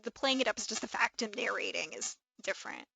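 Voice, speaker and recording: A woman's voice: medium pitch, fast talker, creaky, slightly rough, dry recording, rough recording. Gushing Midwestern woman streamer. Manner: gushing, excitable, rambling with many fillers. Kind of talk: casual live-stream chat.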